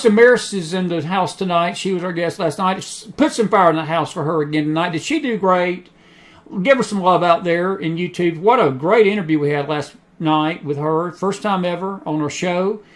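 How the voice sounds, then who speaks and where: A man hosting an online talk show, talking in a chatty, rambling way with many fillers and restarts. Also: high voice. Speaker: host. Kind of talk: casual talk show monologue.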